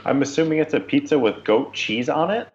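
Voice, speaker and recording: A man co-hosting a podcast, analysing a film in a halting, thoughtful way over a dull lo-fi mic. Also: medium pitch. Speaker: podcast co-host. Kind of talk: casual film discussion.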